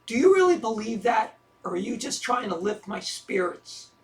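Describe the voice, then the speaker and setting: In an audio drama, an actor plays a troubled middle-aged lover, a self-deprecating man with dry, wry sarcasm. His voice sits high and sing-song, moving at a moderate pace.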